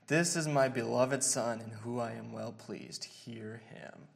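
A man preaching an expository sermon in an earnest, halting way, with many fillers and restarts. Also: mid-range voice, fairly even intonation, vocal fry.

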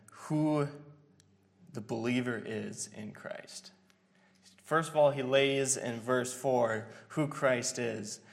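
A man preaching an expository sermon in an earnest, halting way, with many fillers and restarts. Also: mid-range voice, creaky.

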